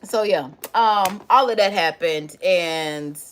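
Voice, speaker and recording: A woman's voice: fairly low pitch, slow, slight background noise. A young woman vlogger telling a personal story casually and expressively, talking straight to her viewers. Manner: expressive, chatty, addresses viewers directly. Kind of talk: casual storytime to a live chat.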